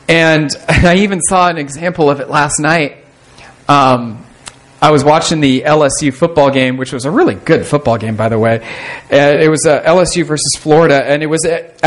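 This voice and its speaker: A man's voice: fairly high pitch, rough recording. A man preaching a sermon in a conversational, self-deprecating way, often restarting his sentences. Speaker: pastor.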